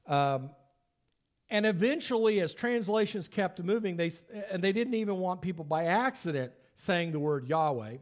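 A man with a notably high voice teaches scripture in a relaxed, conversational way. He explains ideas step by step, often restarting his sentences as he works through them. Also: moderate pace. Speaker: Bible teacher. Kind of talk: Bible study teaching.

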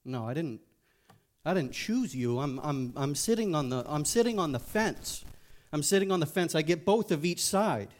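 A self-satisfied man who thinks he has outsmarted both sides, as a preacher puts him on. His voice rises high and quick. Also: expressive, natural voice. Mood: pleading. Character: boastful man sitting on the fence.

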